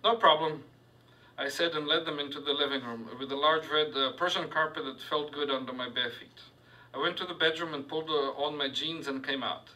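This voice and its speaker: A man reading his own fiction aloud to a live audience, halting on fillers and adding asides. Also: on the high side, fairly even intonation, pushed and bright, far from the mic, poor audio. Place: university reading hall with audience.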